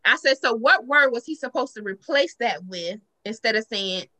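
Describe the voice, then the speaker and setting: Woman chatting, fairly high bright voice, acts out what people said. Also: moderate pace. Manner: lively, retells conversations. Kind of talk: casual group chat.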